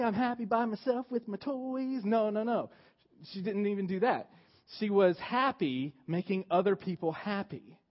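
Higher-voiced preacher on a dull recording. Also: male voice. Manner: swings between loud emphatic and quiet hushed delivery. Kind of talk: sermon.

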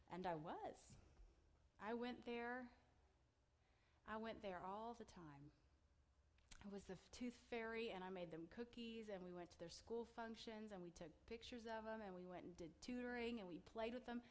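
A woman in her thirties tells her personal testimony at a quick clip. She is an animated storyteller who plays out her own excited lines. There is a faint hum of noise under her voice. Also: mid-range voice. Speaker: speaker sharing her testimony.

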